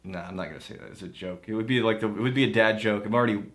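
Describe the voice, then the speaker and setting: A man's voice: on the low side, racing, fairly bright tone. A man co-hosting a whiskey tasting show, chatting casually with dry joking asides.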